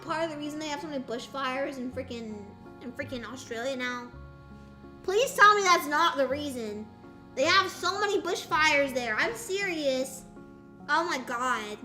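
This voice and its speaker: Excitable young woman streamer, high and bright, roomy echo. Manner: excitable, exaggerated disbelief. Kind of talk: casual live-stream chat.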